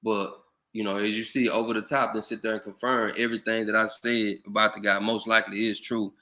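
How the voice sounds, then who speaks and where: Rambling man, bright voice. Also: on the low side. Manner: loose, conversational, lots of "you know". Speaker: channel host. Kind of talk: casual commentary monologue.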